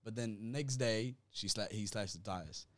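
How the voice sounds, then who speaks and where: A young man telling a story in casual podcast chat, animated and slang-heavy, often laughing. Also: on the low side, a little slow.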